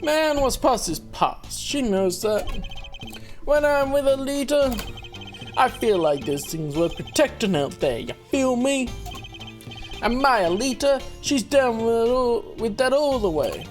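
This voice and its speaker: A woman's voice: on the high side, lively intonation, a little slow, soft background music, pitched above the performer's own voice. A woman voicing a cocky young male street thug who is lovestruck, talking in slangy gangster swagger.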